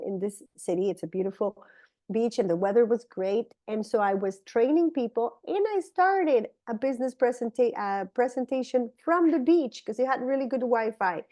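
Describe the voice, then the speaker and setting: Eager woman pitching a business. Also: dark tone. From Colombia. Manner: enthusiastic, persuasive, conversational. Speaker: network marketing presenter. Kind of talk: business opportunity presentation.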